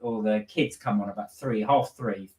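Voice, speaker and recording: A man's voice: lowish voice, moderate pace, warm tone. Chatty man co-hosting a live stream. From Somerset, England. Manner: chatty storyteller who mimics other people's voices. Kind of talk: casual chat, reading out viewer comments. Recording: echoey room.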